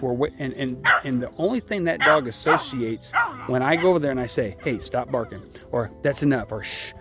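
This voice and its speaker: A man working as a dog trainer, explaining step by step in a relaxed, unscripted way and often stopping with a checking "okay?". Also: on the high side. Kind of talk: casual filmed training demonstration. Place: outdoors by a puppy pen.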